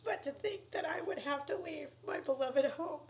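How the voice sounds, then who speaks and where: A woman making an emotional personal appeal to viewers, earnest and pleading, close to tears, sometimes dropping to soft whispery words. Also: high voice, moderate pace, low-quality recording. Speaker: YouTuber asking for donations.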